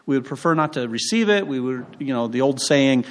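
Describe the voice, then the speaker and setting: A man's voice: medium pitch, animated, a little fast. A male pastor preaching a sermon in a conversational, humorous storytelling way. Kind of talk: sermon with personal stories. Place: church.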